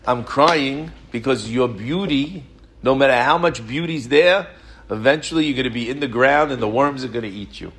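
A man voicing a calm, self-controlled sage in a retold story, speaking low and gravely. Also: moderate pace, lightly acted.

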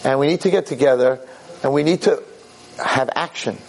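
Impassioned male Torah lecturer, husky. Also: medium pitch, moderate pace, darkish tone. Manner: impassioned, exhorting.

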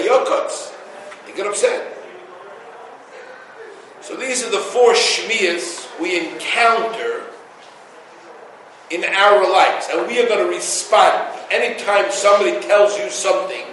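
Male rabbi, high and emphatic, distant mic in a booming room. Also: slight background noise. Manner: emphatic, animated storytelling with Hebrew and Yiddish terms. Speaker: rabbi giving a Torah class. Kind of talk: Torah lecture with stories. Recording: echoey room, voice from far off.

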